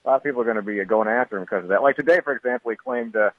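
A man phoning in a comic news segment from an airport, telling quick jokes with deadpan punchlines. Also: mid-range voice, dry recording. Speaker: radio correspondent. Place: airport, on a phone. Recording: tinny phone line.

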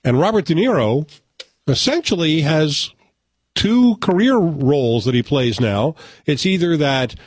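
A man's voice: a little high, expressive, measured pace, husky, no echo. A man hosting a casual movie chat, wry and conversational.

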